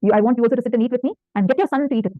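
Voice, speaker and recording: A woman's voice: a little high, racing, no room sound, close to an everyday voice. A woman voicing a stern, demanding old male ascetic holy man who gives blunt orders. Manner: blunt, commanding. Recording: tinny phone-like dry sound.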